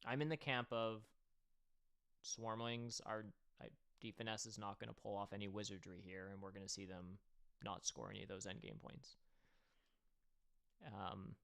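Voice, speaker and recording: A man with a lowish, gravelly voice hosts a livestream. He casually breaks down a board game match and thinks aloud. He talks directly to his viewers as he goes. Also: steady tone, normal speed, pauses often, a bit bright. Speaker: host and game commentator.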